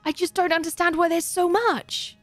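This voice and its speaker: A woman's voice: very high voice, fairly even intonation, moderate pace, a bit bright, no echo, faint music behind. A woman livestreaming a video game, rambling in a playful, self-mocking way to her chat. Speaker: livestreaming gamer. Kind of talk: casual gaming commentary.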